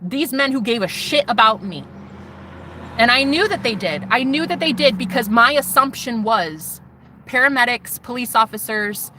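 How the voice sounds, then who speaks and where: A young woman recounts a wild personal story straight to her audience, animated and blunt, with curses along the way. Her voice is bright and forceful. A faint hum of background noise sits behind her. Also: on the high side, moderate pace, poor audio. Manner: animated, swearing, acts out quotes. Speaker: vlogger. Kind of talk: storytelling testimony.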